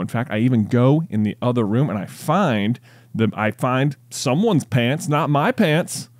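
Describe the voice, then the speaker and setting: A man's voice: mid-range voice, normal speed, dry recording. A man co-hosting a podcast, telling a long joke casually and acting out its characters. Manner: animated storyteller, acts out characters. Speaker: podcast co-host.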